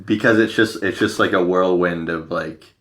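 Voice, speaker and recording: A man's voice: low voice, moderate pace, a bit bright. A man hosting a podcast in casual chat, rambling with lots of "like" and swearing freely. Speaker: podcast host.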